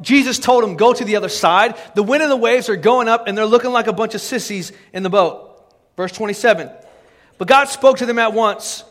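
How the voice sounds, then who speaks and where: A man preaching a sermon as pastor, building into impassioned, shouted exhortation. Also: sits high. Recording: long reverb of a large hall.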